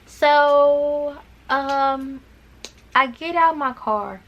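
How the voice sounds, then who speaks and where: A woman's voice: high-pitched, extremely slow, lo-fi sound. A young woman from Arkansas, telling a dramatic storytime to her viewers in casual chat, with repeated words and asides. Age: young adult. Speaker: vlogger.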